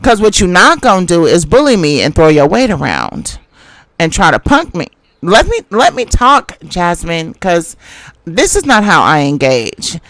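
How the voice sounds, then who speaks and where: A woman host defends herself in a measured, insistent voice and keeps pushing for order, as a woman puts her on. Her pitch moves widely. The recording is close and dry. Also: wildly swooping pitch, fairly bright tone, no echo, exaggerated voice. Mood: defensive. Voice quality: measured, insistent, appeals to decency. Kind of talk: reenactment of a heated livestream argument.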